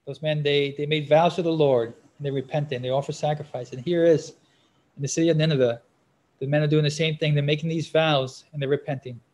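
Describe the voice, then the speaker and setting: A man preaching a sermon with a slightly high voice. He halts often on fillers and restarts, then gets louder when he reads scripture aloud. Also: steady tone, brisk.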